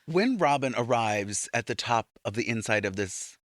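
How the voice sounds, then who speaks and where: A man co-hosting a casual recap podcast, talking with big, lively swings in pitch. He swears freely and often jumps up high when something excites him. His voice is bright and forceful, recorded close in a dry space. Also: moderate pace, dry recording. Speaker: podcast co-host.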